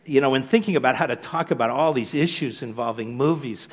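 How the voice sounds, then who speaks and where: A man giving a public lecture in a relaxed, conversational way, with frequent fillers. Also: medium pitch, brisk, breathy edge.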